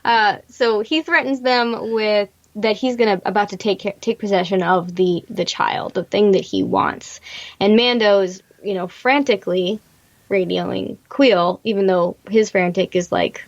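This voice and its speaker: A woman's voice: medium pitch, measured pace. A woman co-hosting a podcast, recapping a show in chatty, rambling talk and laughing often. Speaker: podcast co-host. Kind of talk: casual recap chat. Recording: muffled lo-fi audio.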